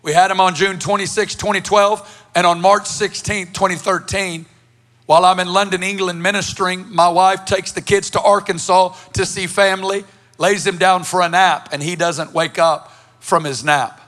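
A man's voice: high-pitched, level tone, normal speed, fairly bright tone. A man preaching a sermon through a personal story, speaking emphatically and building to passionate lists.

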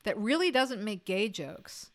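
A woman co-hosting a podcast, talking enthusiastically and casually about a film, with fillers and quick asides. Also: mid-range voice, very animated. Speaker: podcast co-host. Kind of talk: casual film-review chat.

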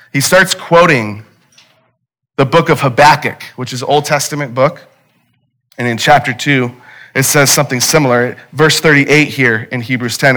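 Male pastor, conversational sermon, repeats key lines, bright and forceful tone. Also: medium pitch. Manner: conversational, emphatic repetition.

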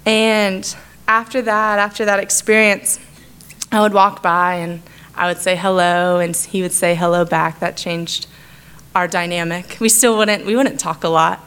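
Earnest young woman with a smooth voice. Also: lowish voice, little pitch movement, unhurried, a bit bright. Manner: earnest, heartfelt, conversational. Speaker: church speaker sharing a testimony. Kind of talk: personal testimony.

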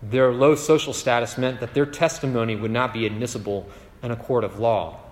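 Male pastor, conversational sermon delivery, ordinary pitch, long hall reverb. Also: steady tone, a little fast. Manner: conversational, keeps asking "right?".

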